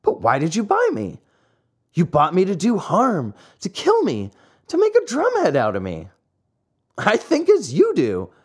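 A man voicing a lively boyish wooden puppet, telling his tale cheekily in a storybook reading. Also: high voice, unhurried, breathy edge, exaggerated voice. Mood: defiant.

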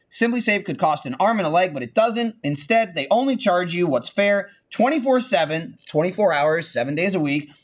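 A man's voice: high-pitched, fairly bright tone. A man co-hosting a podcast, reading a sponsor spot in a jokey, casual way. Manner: jokey, self-correcting on reads. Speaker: podcast co-host.

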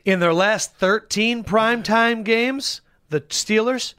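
A man's voice: high-pitched, slow pace, clear, resonant tone, no echo, clean studio sound. A man co-hosting a sports betting show, joking around and hyping his picks. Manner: jokey, animated, hypes his picks. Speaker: podcast co-host. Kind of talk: casual sports betting chat.

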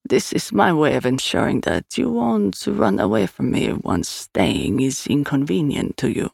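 A woman's voice: low voice, sing-song, a little slow, creaky, darkish tone, husky, dry recording, studio quality, exaggerated voice. A woman voicing a purring, sly villain trader.

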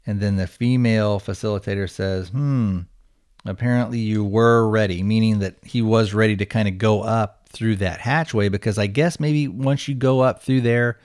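Guy with a lowish voice recapping a movie, rambly, lots of you know and uh. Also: darkish tone. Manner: rambling, many fillers and restarts. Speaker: podcast host. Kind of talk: casual movie plot recap.

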